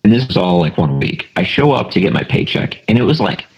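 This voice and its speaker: A man's voice: on the low side, very animated, brisk. A man from Buffalo, New York, a podcast guest telling a story in a rambling, casual way with many restarts. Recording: dull lo-fi recording.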